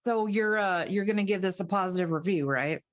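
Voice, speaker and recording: A woman performing improvised comedy, blunt and deadpan in her questions. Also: mid-range voice, fairly quick. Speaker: improv player.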